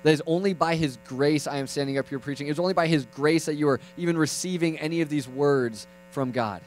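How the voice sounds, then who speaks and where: Animated young male preacher. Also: fairly high pitch, brisk, faint music behind, low-quality recording. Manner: animated, swings from loud to hushed, playful asides. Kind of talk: sermon.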